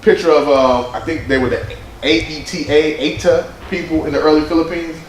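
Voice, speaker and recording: Animated man with a slightly high voice, giving a slide talk in a roomy hall. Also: brisk, slight background noise. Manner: animated, conversational, quotes people in voices. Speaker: presenter at a men's summit. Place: conference room. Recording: roomy hall sound with faint ambience.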